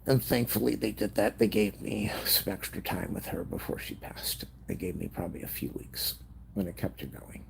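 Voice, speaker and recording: A man with an extremely deep, gravelly voice tells a personal story, grieving and close to tears. His delivery is halting and emotional, sometimes sinking to a whisper. Faint noise sits under the recording.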